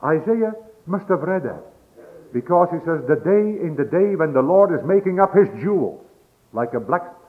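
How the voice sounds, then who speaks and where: A man preaching with a raised, fairly high voice that swoops through a wide range, climbing to emphatic peaks. His delivery is folksy, with homely grammar slips. The recording sounds dull and lo-fi. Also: animated, moderate pace. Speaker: pastor. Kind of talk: sermon.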